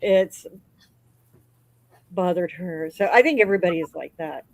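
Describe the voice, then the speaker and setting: A woman's voice: lowish voice, animated, moderate pace, no room sound, rough recording. Supportive woman host, dry close sound. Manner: supportive, conversational. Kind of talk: casual chat.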